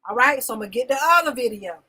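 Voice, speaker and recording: Racing along with lively intonation, a woman's slightly high, bright voice sounds forceful and husky over a rough recording. Hosting a live talk show segment, she vents emotionally in a live-stream monologue, insistently repeating phrases and greeting viewers by name.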